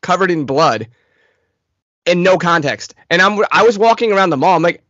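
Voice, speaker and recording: A co-host with a mid-pitched voice trades quick jokes in a casual podcast chat, laughing often and swearing freely. The sound is dry and somewhat dull, close to the mic. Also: animated, a bit bright, no room sound.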